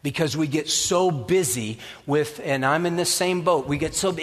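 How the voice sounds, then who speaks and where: A man preaching a sermon as pastor, lively and acting out the voices of doubters. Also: fairly high pitch, moderate pace, few pauses. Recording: reverberant hall.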